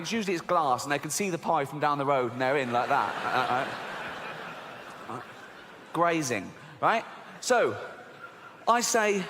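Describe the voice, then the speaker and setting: Guy doing standup, swears a lot, big pitch swings, long hall reverb, faint crowd hum. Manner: animated, laughing at his own jokes, swearing. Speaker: stand-up comedian. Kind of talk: stand-up comedy routine. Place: large theater stage with a live audience.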